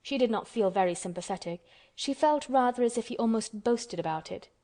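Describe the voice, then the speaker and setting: A woman narrating an audiobook in a steady, measured reading. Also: a little high. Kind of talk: scripted narration.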